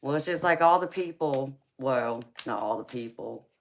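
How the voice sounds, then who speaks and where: A California woman with a Southern drawl and an extremely low, animated voice hosts a live tarot stream at normal speed, with slight background noise. She chats casually, teases viewers, laughs often and calls them honey and baby.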